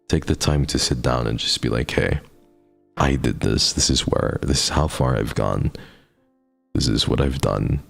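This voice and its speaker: A man's voice: extremely low pitch, a little slow, vocal fry, faint music behind. A man streaming live in casual chat, talking to his viewers in an affectionate, encouraging pep-talk way. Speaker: livestreamer.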